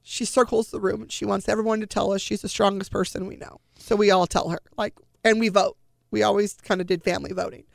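Earnest woman in her forties with a gravelly voice, sighing as she tells her story; dry, close sound. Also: medium pitch, fairly even intonation, fast talker, no echo. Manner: earnest, sighing, quoting family in dialogue. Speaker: guest recounting her daughter's illness. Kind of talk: emotional personal storytelling.

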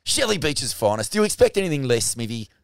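A man with an Australian accent, co-hosting a podcast in casual surf talk, rambling and swearing excitably. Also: medium pitch, quick pace, gravelly, clean tone, dry recording, studio quality. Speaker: podcast co-host.

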